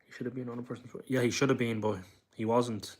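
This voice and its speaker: A young Irishman with a Dublin accent rambles casually through a live stream, talking fast in a mid-range, level voice. He's chatty and reads his viewers' comments aloud, answering them as he goes.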